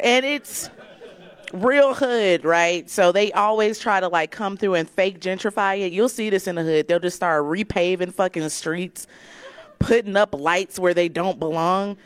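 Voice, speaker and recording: A woman's voice: on the low side, a little slow, clear, resonant tone. A woman from Georgia performing brash, crude stand-up comedy and often laughing through her lines. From Decatur, Georgia, USA.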